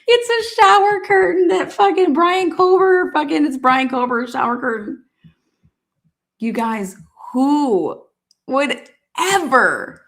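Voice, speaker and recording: Woman, high voice, profane, incredulous, laughing, trial commentary host. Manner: incredulous, swears constantly, laughs often.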